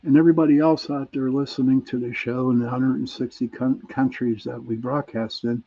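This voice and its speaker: A man's voice: medium pitch, level tone, a little fast, dark tone. A man with a Pittsburgh accent hosting a casual radio chat show, reading out listener answers in an easygoing way. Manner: reads out listener messages, chuckling, easygoing. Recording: dull lo-fi sound.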